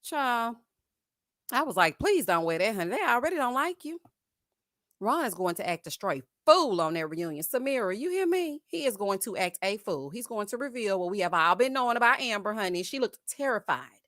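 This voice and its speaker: A woman hosting a live stream, giving sassy, animated commentary and calling her viewers "honey" and "child". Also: mid-range voice, moderate pace, no echo, clean studio sound. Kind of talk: casual reality-show commentary.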